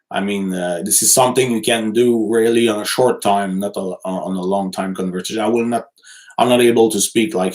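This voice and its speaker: A man from Quebec City, a native French speaker, who speaks English with a Quebec French accent. He chats casually on a livestream, answering viewer comments in halting speech full of fillers and restarts. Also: lowish voice. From Quebec City, Canada. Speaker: livestream host and journalist.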